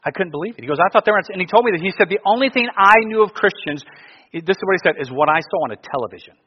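Middle-aged male pastor, slightly high voice, storytelling sermon with big dynamic swings, muffled lo-fi sound. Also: animated, racing, husky. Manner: storytelling, swinging from loud bursts to quiet asides.

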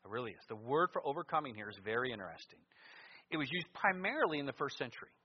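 A man preaching a sermon in a church, moving between loud emphatic lines and quiet asides. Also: mid-range voice, very animated, fast talker, husky. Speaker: pastor. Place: church sanctuary. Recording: muffled sound with long church reverb.

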